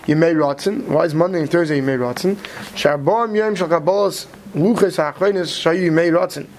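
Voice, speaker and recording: A man teaching a study class, talking quickly and checking in with "right?" as he explains. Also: a little high, darkish tone, slight background noise. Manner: quick, mixes Hebrew terms into English, many "right?" checks. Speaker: Torah teacher. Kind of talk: Talmudic study lecture.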